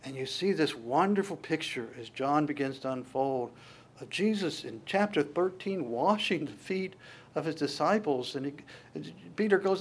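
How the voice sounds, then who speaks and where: A man preaching a sermon, animated and repetitive, stumbling through restarts and acting out voices from the text before closing in prayer. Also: a little high, moderate pace, slightly rough. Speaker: pastor.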